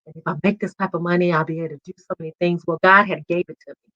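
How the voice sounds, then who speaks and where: A woman in her forties appears as a podcast guest to share her personal testimony, candid and emotional, sometimes laughing. Her voice is fairly low, steady and a bit bright, and she talks at a racing pace. The recording sounds dull and lo-fi.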